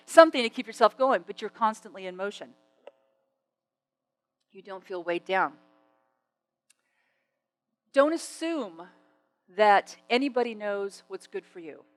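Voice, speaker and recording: Woman giving a lively motivational stage talk. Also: mid-range voice, low-quality recording. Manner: animated storytelling, acts out dialogue. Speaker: speaker. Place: stage before an audience.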